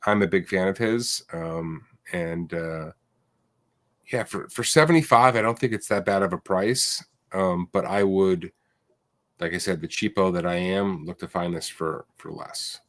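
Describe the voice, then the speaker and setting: A man co-hosting a casual comic sales show, talking in a relaxed, hesitant way with many fillers. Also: sits low, a little slow, no echo. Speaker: co-host. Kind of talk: casual chat about comic prices.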